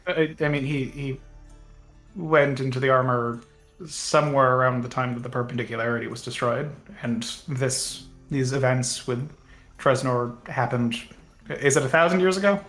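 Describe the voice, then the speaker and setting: A man's voice: mid-range voice, steady tone, normal speed, fairly bright tone, soft background music. A man, a player in a tabletop game, thinking aloud and reasoning about the story with restarts. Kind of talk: casual tabletop discussion.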